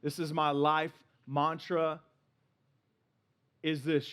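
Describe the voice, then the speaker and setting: Man preaching a sermon, high voice, animated and playful, breaks into little voices for effect. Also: normal speed. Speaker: pastor.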